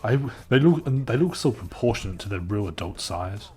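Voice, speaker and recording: Laid-back low-voiced man joking over comics. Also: animated, normal speed, dark tone, slightly rough, soft background music. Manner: laid-back, joking, says dude a lot. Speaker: video host. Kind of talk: casual comic read-along commentary.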